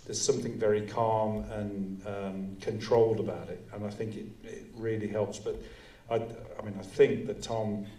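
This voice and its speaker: Male director, measured Q&A talk; flat and low, distant in a roomy hall. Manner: measured, explanatory. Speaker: writer and director. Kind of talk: live audience Q&A. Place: cinema auditorium. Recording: roomy hall sound, voice from off-mic.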